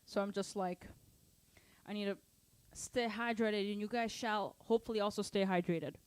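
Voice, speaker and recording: A woman's voice: medium pitch, fairly even intonation, normal speed, smooth. A woman teaching a live online drum lesson, explaining exercises and counting beats aloud over her playing. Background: drum kit playing.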